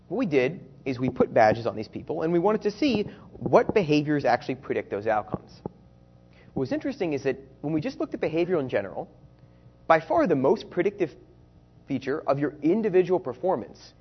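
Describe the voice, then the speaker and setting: A man with a slightly husky voice talks through his research as if presenting on stage. He speaks conversationally and keeps tossing rhetorical questions to the room. The audio sounds a little dull and lo-fi. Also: fairly high pitch, very animated, brisk. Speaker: researcher giving a talk. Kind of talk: conference-style presentation.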